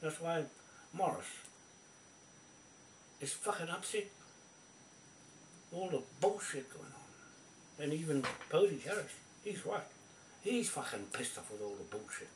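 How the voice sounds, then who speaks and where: A man's voice: on the high side, expressive, measured pace, long pauses. Angry New man, profane confrontational rant, echoey room, off-mic. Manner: furious, swearing constantly, confrontational. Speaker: video poster. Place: indoors at a computer. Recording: roomy, distant from mic, faint background noise.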